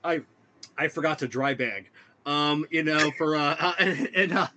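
A man's voice: fairly high pitch, a little slow, sharp tone. A man hosting a chat show, stumbling and repeating his words as he talks. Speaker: host. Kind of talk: casual chat.

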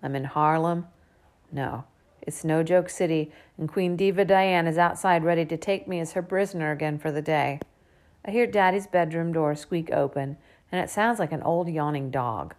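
A woman narrating a first-person children's story in a lively, expressive way. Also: deep voice, moderate pace. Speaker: audiobook narrator.

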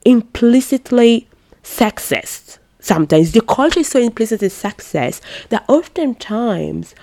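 A young woman from Italy hosting a podcast, talking in a casual, animated and emphatic way, full of fillers and exasperated asides. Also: mid-range voice, moderate pace, creaky, dry recording. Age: young adult. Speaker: podcast host. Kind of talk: casual solo commentary.

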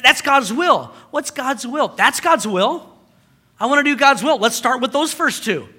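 A male pastor preaches with a notably high, bright voice. He talks to the congregation conversationally, yet stresses his points by repeating them. The delivery is emphatic and direct. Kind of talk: sermon.

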